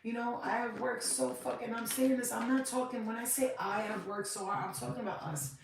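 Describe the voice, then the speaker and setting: A woman's voice: a little high, fairly even intonation, brisk, vocal fry. A woman giving a casual spiritual reading, emotional and emphatic, swearing freely as she talks. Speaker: tarot card reader. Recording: very echoey room, mic far off, noisy.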